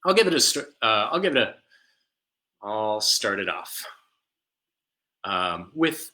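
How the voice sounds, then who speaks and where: A man's voice: fairly low pitch, big pitch swings, slow, pauses often. A man teaching a live music class for small children from home, singing songs and making animal sounds with a ukulele. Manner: gentle, sings songs and makes animal sounds for young children.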